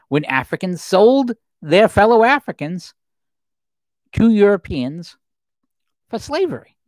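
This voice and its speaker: A man in his fifties hosts a plain livestream, his pitch rising and falling freely as he rambles through commentary. He circles back on himself with restarts and asides. The sound is dry and close, with no room around him. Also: no room sound, poor audio. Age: 50s. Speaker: livestream host. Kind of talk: solo political commentary livestream.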